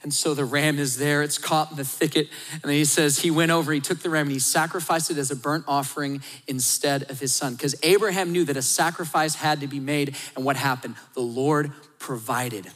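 A man's voice: a little high, steady tone, brisk. Man preaching in a reverberant hall. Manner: dynamic, drops to hushed tones for emphasis. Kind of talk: sermon.

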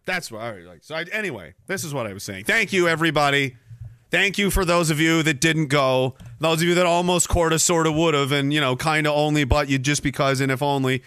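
A man's voice: a little high, a little fast, a bit bright, clear, resonant tone, no room sound, studio quality. Sarcastic, profane man on a podcast. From Canada. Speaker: podcast host. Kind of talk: casual livestream chat reading comments.

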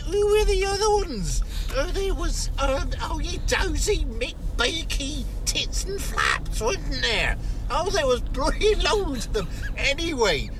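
A man's voice: high voice, background noise. A man putting on a rambling, forgetful older male celebrity actor in a comic voice message, losing his words and trailing off.

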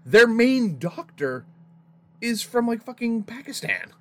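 A man's voice: extremely high pitch, big pitch swings, takes it slowly, fairly bright tone. A man co-hosting a casual podcast, talking films in an opinionated, profane way. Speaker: podcast co-host. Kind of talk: casual film discussion.

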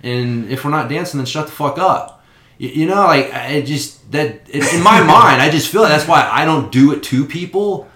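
Swearing man with a bright voice. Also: fairly high pitch, normal speed. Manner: profane, acts out quoted exchanges. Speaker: father of young kids. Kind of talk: casual chat. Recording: roomy echo.

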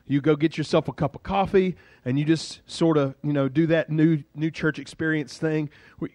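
A male pastor preaching a sermon in a lively, conversational storytelling way. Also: a little high, dry recording.

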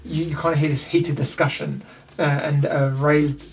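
A man with a New Zealand accent narrating a tabletop game as game master, in a halting, rambling way with many fillers. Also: on the high side, level tone, distant mic, a little hiss or hum, poor audio.

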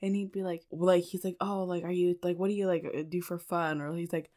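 A woman in her twenties in casual chat, telling an animated story peppered with "like" and swearing. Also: fairly low pitch, a little fast. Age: 20s.

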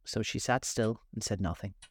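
A man with a fairly low voice narrates a classic storybook aloud. His pacing is calm and measured, and he switches into character voices for the dialogue. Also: slightly rough.

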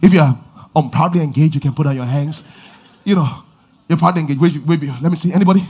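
A man preaching a lively sermon, shouting call-and-response lines and laughing between stories. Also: a little high, fast talker, breathy edge. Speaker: pastor.

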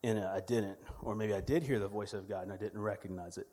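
A man's voice: lowish voice, steady tone, fairly quick, warm tone, big-room sound. A man, delivering a sermon as a church media director, conversational and humorous with storytelling. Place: church sanctuary.

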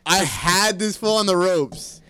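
Blunt socal podcast guy, smooth clear voice, pretty dry sound. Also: high-pitched, measured pace, pushed and bright, dry recording. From Southern California. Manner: blunt, dismissive, swears casually. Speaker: podcast co-host. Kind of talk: casual chat.

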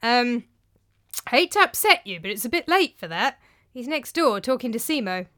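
A woman voicing a quick-witted young male slave who talks urgently and persuasively. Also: fairly high pitch, big pitch swings, a bit bright, voice pushed up.

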